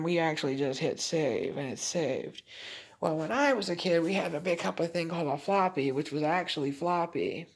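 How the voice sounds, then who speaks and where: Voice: medium pitch, vocal fry. A vlogger in a rambling, emotional personal monologue, laughing often and trailing off mid-thought.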